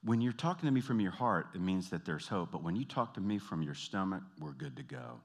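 Low-voiced man preaching with animated storytelling. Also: brisk, creaky. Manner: animated storyteller, acts out quoted voices, drops to soft intimate appeals. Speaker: pastor and counselor. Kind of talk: storytelling sermon.

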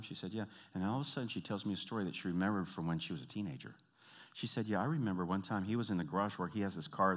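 A man preaching in a storytelling sermon style, a pastor and counselor who acts out the people in his story and drops to soft, intimate appeals to his listeners. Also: low-pitched.

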